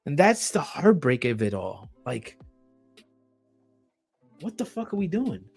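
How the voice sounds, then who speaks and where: Solo podcast host, male, blunt and emphatic, cursing freely, slightly raised pitch. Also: sing-song, measured pace, gravelly, darkish tone, breathy edge, faint music behind. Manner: blunt and emphatic, swears often, repeats phrases.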